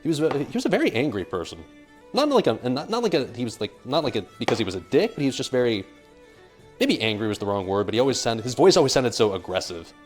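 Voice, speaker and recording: With big swings in pitch around a medium level, a fast-talking young American livestreams himself cooking. He reads the chat aloud, rambling and joking, as faint music plays behind him.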